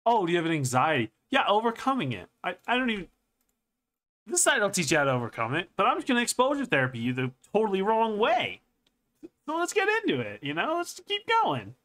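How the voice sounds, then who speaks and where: A young man hosting a joking comedic commentary video, playful and jokey, often jumping into high squealing exclamations. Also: wildly swooping pitch, brisk, a bit bright. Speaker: streamer and video host.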